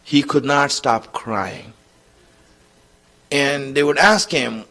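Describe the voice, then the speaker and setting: A man's voice: medium pitch, slow pace, long pauses. A male preacher giving a Muharram sermon, telling a story and voicing the people in it, and growing emotional as he goes on. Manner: grows emotional and louder as he goes on.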